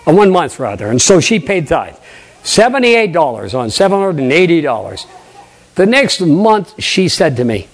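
An older man, a pastor, preaching a lively sermon, acting out conversations and questioning his congregation. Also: fairly high pitch, moderate pace. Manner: animated preaching, acts out dialogue, asks the congregation questions.

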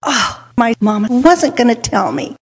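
Husky older woman telling a story. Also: a little high, measured pace. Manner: animated, drops to hushed whispers for suspense. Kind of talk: dramatic storytelling with a lesson. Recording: long hall reverb.

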